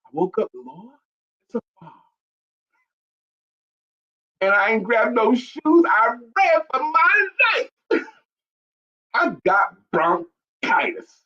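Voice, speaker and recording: A man doing an impression of an exasperated middle-aged woman from a viral clip, with a loud, emphatic, laughing drawl. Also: very high voice, very animated, slow, voice pushed up, heavily acted. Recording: dull lo-fi audio.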